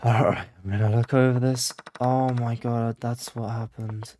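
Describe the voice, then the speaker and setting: Playing blindfold chess for his channel, this chess content creator mutters moves to himself and swings from quiet concentration into flustered panic when the board slips from his memory. He speaks in a mid-range voice at normal speed, his intonation fairly even. A little hiss or hum sits under the recording.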